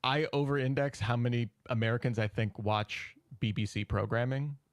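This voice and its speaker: A man's voice: medium pitch, fairly even intonation, normal speed, no room sound. A man who produces and co-hosts a podcast, chatting casually on a live stream and reading out viewer comments, with frequent stammered restarts.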